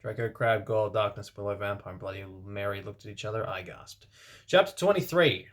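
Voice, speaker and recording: A man reading fan fiction aloud for comedy as host, breaking off for deadpan, sarcastic asides. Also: on the low side, brisk, a little hiss or hum. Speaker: reader and host.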